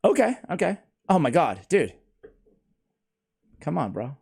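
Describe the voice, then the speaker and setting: Excitable man with a lively, high voice. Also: a little slow, creaky, breathy edge. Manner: excitable, laughs often, says "man" and "dude". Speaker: host. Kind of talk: casual gaming chat.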